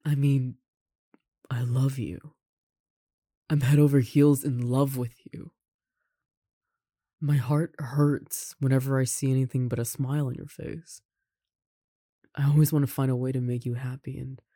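A performer voicing a caring roommate who confesses love in a romantic audio roleplay, speaking softly with gentle laughs and sighs. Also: mid-range voice, flat delivery, moderate pace, pauses often, no echo, studio quality, close to an everyday voice. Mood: tender.

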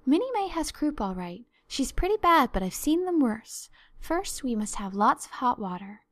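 A woman's voice: high-pitched, big pitch swings, dry recording. A woman voicing a chatty, imaginative young girl who talks eagerly and dramatically. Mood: brisk. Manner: eager, effusive, quick to dramatize.

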